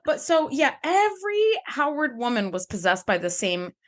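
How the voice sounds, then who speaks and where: Expressive woman podcast co-host. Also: a little high, normal speed. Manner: emphatic, expressive, swears freely. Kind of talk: casual chat.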